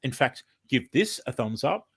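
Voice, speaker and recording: A man's voice: medium pitch, very animated, normal speed, breathy edge. An Australian man hosting a casual livestream, chatting in a rambling, friendly way with lots of ums, a bit sniffly from hay fever. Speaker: livestream host.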